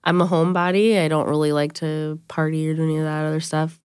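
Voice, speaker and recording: A woman's voice: low-pitched, flat delivery, fast talker, a little mellow, clean tone, no echo, studio quality. A woman around thirty telling her own story in an interview, candid and casual, full of fillers. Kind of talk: personal interview.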